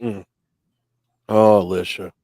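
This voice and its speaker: A man's voice: on the low side, flat delivery, slow pace, creaky, mellow, no echo, studio quality. A man co-hosting a live wrestling watch-along, chiming in with short reactions. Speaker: co-host.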